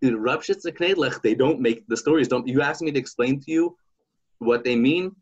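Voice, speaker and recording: A man hosting a podcast, chatting casually and telling a folk story in an animated, halting way. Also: mid-range voice, slightly rough, lo-fi sound. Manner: animated, halting, with many restarts. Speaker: podcast host.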